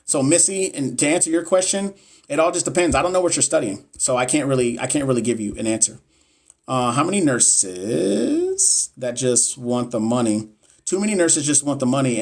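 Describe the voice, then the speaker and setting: A young man, a nurse educator on a casual live stream, answering viewers bluntly and with swearing, repeating himself for emphasis. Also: mid-range voice. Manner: blunt, profane, repetitive and emphatic.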